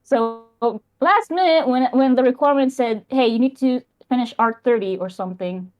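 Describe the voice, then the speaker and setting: A young adult woman calling in over a voice call, talking in a halting way that often trails off. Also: on the high side, lo-fi sound. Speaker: caller. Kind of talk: casual call-in chat.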